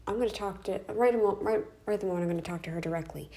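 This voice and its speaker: Upset woman venting in a mellow voice. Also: lowish voice, brisk, gravelly, few pauses. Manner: upset, venting, with restarts and sighs. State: tearful, exhausted. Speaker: vlogger. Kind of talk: emotional personal vlog rant. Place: bedroom, indoors.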